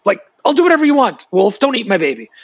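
A man voicing a frantic mother raven, squeaking high as he begs for its baby in a retold fairy tale. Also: very animated, fast talker, gravelly, lo-fi sound, heavily acted. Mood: pleading.

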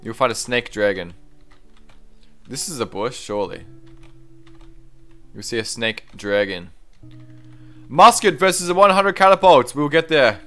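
A young man streaming a game, chatting casually, reading viewer comments aloud and breaking into excited exclamations. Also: mid-range voice, a little slow, pauses often, faint music behind. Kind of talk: live-stream gameplay commentary.

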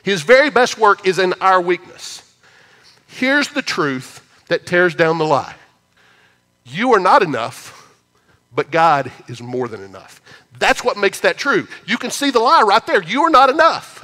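Male pastor, sermon, conversational, emphatic scripture reading, high-pitched, reverberant church hall. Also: bright, forceful tone. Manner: conversational preaching, reads scripture with emphatic swings in volume. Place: church auditorium.

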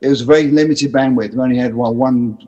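A man with a husky, slightly rough voice tells long stories from his producing career. He talks loosely, with restarts, and slips into the voices of the people he quotes. His pitch sits in an ordinary middle range. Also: quick pace, dull audio. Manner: animated anecdotes, acts out quoted voices. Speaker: music producer, guest. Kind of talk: casual interview storytelling.

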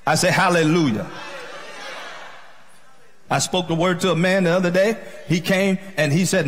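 A male pastor preaching an exuberant sermon, shouting and laughing with speech. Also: fairly high pitch, fairly even intonation, moderate pace. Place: church sanctuary.

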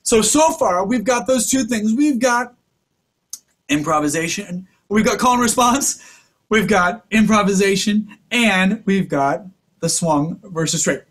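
Male music teacher for kids, very high-pitched, upbeat and instructive, speaks straight to the children. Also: unhurried, a bit bright. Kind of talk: kids' music lesson.

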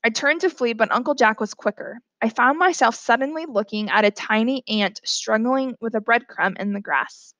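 A woman reading a novel aloud in a plain, steady storytelling manner. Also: fairly high pitch, normal speed, few pauses, no echo, muffled recording. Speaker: reader.

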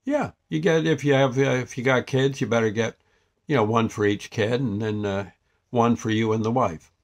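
An older man chats casually about a frozen pizza, his voice sitting at an ordinary middle pitch. He rambles in a folksy, down-home way, stopping and restarting his sentences often. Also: fairly even intonation, moderate pace. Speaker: vlogger. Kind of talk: casual product review.

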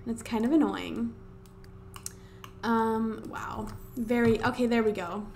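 Woman streamer type, fairly high voice, casual exasperated gameplay chatter, desk mic at home with faint hiss. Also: a little mellow. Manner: exasperated, talking to the game characters, many drawn-out wows. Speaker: let's play host. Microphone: desk USB microphone.

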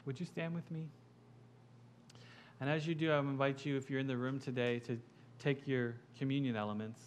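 A male pastor delivering an impassioned sermon, building to loud emphatic peaks and dropping quiet. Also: medium pitch, fairly even intonation, moderate pace, slight background noise.

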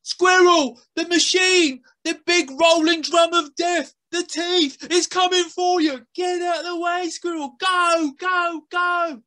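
A woman voicing a blunt young boy who shouts urgent warnings in a told story. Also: very high-pitched, steady tone, takes it slowly, hardly any pauses, pitched above the performer's own voice, heavily acted.

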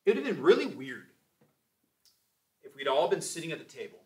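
A man's voice: a little high, sing-song, fairly quick, far from the mic. A man in his forties teaching a church Sunday school class, exhorting and telling testimony stories. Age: 40s. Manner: emphatic, exhorting, with testimony asides.

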